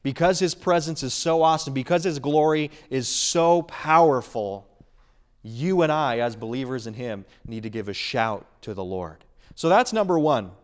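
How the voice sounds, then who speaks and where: A man's voice: mid-range voice, lively intonation, normal speed. Male pastor, mid-range voice, earnest and emphatic delivery, builds and eases intensity. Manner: earnest, emphatic preaching with rising and falling intensity. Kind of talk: sermon.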